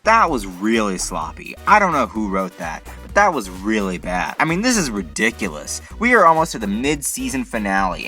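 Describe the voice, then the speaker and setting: A man rants through a casual video review, exasperated and incredulous, firing off rhetorical questions. His pitch swings widely and his tone is bright and sharp. Faint music plays behind him. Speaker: TV episode reviewer, channel host.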